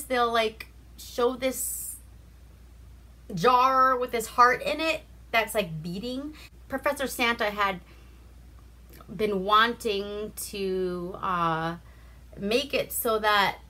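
A woman's voice: mid-range voice, bright, forceful tone. A woman from Alaska hosting a casual, profane movie review, laughing often and acting out characters' lines. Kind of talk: casual movie recap with swearing.

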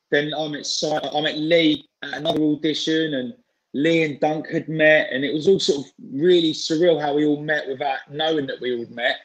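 A man's voice: a little high, a bit bright, rough recording. A man, chatting informally as an interview guest on a video call, full of fillers and restarts. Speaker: interview guest, singer and actor. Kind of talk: casual chat.

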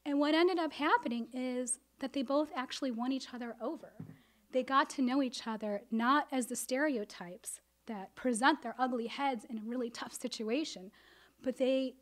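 Woman, high voice, live storytelling, animated, acts out dialogue.

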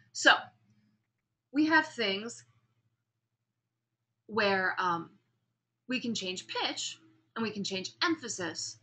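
A woman with a bright, forward voice teaches a speech class. She swings her pitch up and down to show contrast and calls on students with questions. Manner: animated, demonstrates pitch and emphasis, asks students questions. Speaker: speech instructor. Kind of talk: classroom lecture.

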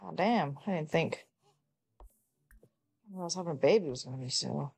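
A woman's voice: on the low side, very animated, measured pace, gravelly, pauses often, darkish tone, slightly rough. A woman giving casual gameplay commentary, exasperated, swearing often and talking at her characters. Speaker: gamer.

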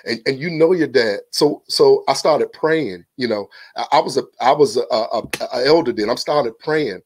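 Speaking at a normal pace in a medium-pitched, slightly mellow voice, a man on a podcast shares something personal, relaxed and sincere, frequently repeating words when starting a thought. There's a little hiss or hum in this casual testimony.

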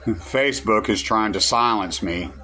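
A man's voice: on the low side, measured pace, sharp tone, a little hiss or hum. A man, rambling casually in a vlog, groggy and just woken up, who chuckles through his words and swears freely. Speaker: vlogger.

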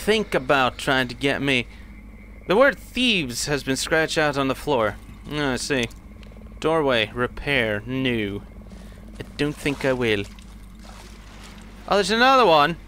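A man's voice: mid-range voice, pushed and bright, a little hiss or hum. A man hosting a gaming channel, giving casual let's-play commentary, chatty and swearing as he reacts to the game.

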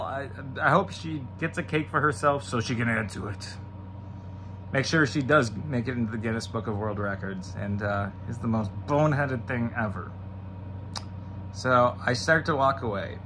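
Young dude rambling thru a crude standup bit, lots of ums, bright sharp voice, faint hum behind. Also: male voice, medium pitch. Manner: halting, many fillers and restarts; crude, bursts into loud exclamations. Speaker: stand-up comedian.

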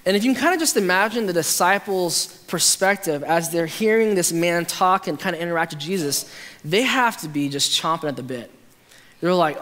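A man's voice: high voice, lively intonation, normal speed, a bit bright. A male pastor preaching a conversational, humorous sermon, acting out quotes with restarts. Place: church sanctuary. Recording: hall reverb.

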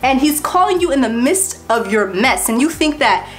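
High-voiced woman preaching with animated warmth. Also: moderate pace, faint music behind. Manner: lively, preachy, laughs between points, repeats herself. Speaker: Christian YouTuber giving an exhortation. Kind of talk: casual spoken exhortation and prayer.

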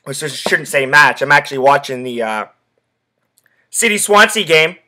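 A young man hosts a casual sports podcast, telling loose, rambling stories full of profanity and filler words. His voice is bright and forceful and sits a little high for a man. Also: expressive, normal speed. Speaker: podcast host.

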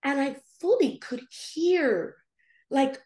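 High-voiced woman telling an animated story. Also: takes it slowly, roomy sound. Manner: animated, acts out her own past dialogue with big pitch jumps. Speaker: guest, prophetic intercessor. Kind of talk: emotional storytelling in a podcast interview.

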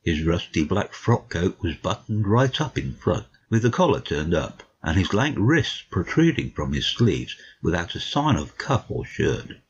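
A man narrating a dramatic audiobook reading in a deliberate, expressive way. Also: sits low, lo-fi sound, a little hiss or hum.

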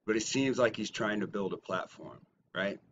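A man ranting at critics in a response video, mocking and swinging from low muttering to loud shouting. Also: normal speed, dull audio, a little hiss or hum. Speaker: YouTuber. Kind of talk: confrontational response video rant.

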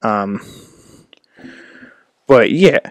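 A man's voice: fairly low pitch, animated, very slow, dry recording. A young man rambling in a casual vlog, self-deprecating, at a home setup with a desk microphone. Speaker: host.

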